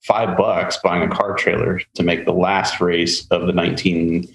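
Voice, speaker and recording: A man hosting a podcast, telling a long car story in a casual, animated way and acting out the people he quotes. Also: low voice, moderate pace, vocal fry. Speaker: podcast host. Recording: roomy with faint ambient noise.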